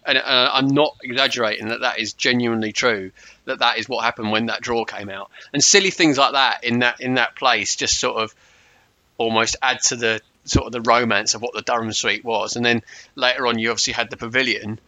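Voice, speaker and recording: A man chats about old times with a very bright, forward tone. He often trips over his words, repeating them as he restarts. The sound is close and dry, with no room around it. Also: medium pitch, fairly even intonation, a little fast, no echo, poor audio. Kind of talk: casual chat.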